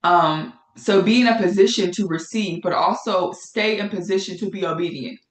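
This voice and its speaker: A woman's voice: on the low side, normal speed. A woman teaching a Bible study in a conversational way, often repeating phrases for emphasis. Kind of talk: casual spoken Bible study. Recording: echoey room.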